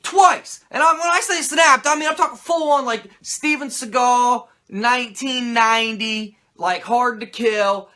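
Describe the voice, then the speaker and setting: A man's voice: extremely high pitch, unhurried, few pauses, bright, forceful tone. A male host giving a comedic, profane and sarcastic wrestling recap.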